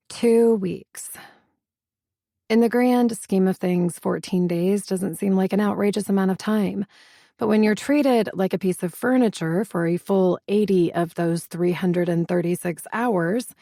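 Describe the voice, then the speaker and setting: A woman's voice: mid-range voice, gravelly, dark tone, no echo. A woman reading a first-person novel aloud as audiobook narrator, in a wry, dry and sardonic manner.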